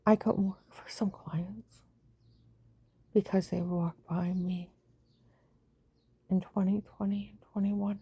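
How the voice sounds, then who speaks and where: A woman in a rambling, agitated monologue that swings between loud outbursts and low whispers. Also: flat delivery, slow, long pauses, breathy edge. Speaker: vlogger.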